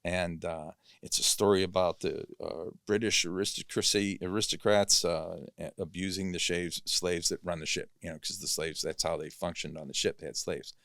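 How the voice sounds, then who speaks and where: A man's voice: low-pitched, steady tone, moderate pace, hardly any pauses, fairly bright tone, dry recording. A male actor, a guest in a podcast studio, telling a long story in a casual, rambling way, often correcting himself and filling gaps with "you know".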